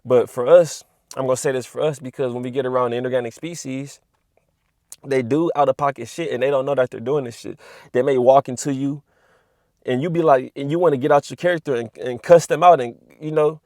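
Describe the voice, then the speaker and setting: A young man, a spiritual vlogger, rants casually to camera about spiritual energy, his voice fairly high, quick, and darkish in tone. He's profane and repetitive, packing in street slang and "you know what I'm saying." The studio-quality recording has no echo.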